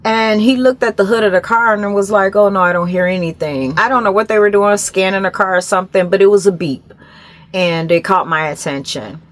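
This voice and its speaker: A middle-aged woman vlogger telling a story to camera in a casual, animated way, acting out the other people's voices. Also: mid-range voice, a little fast.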